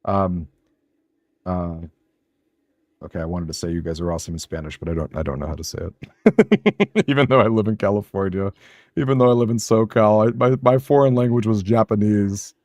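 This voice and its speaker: Rambling, chatty low-voiced man. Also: brisk, darkish tone, no echo, studio quality. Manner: rambling, chatty, talks to viewers by name; self-deprecating, laughs often. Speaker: streamer. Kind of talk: casual live-stream chat while gaming.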